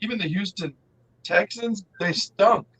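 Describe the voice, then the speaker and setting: A man co-hosting a casual podcast hangout, rambling and animated with lots of fillers. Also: high-pitched, measured pace, breathy edge, rough recording. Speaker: podcast co-host. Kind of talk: casual chat.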